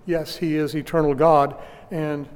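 A man preaching a sermon, teaching church history deliberately with frequent restarts, recorded in a church hall. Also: a little high, little pitch movement, darkish tone. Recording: long hall reverb.

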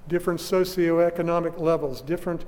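A man's voice: fairly high pitch, steady tone, fairly quick, darkish tone, long reverb tail. A man preaching a sermon to his congregation, earnest and questioning his listeners. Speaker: pastor.

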